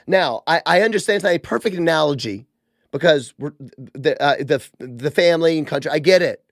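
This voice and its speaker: A man hosting a podcast, giving casual religious commentary in an animated, sarcastic, conversational way. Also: a little high, fairly quick, creaky, no echo, clean studio sound. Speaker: podcast host.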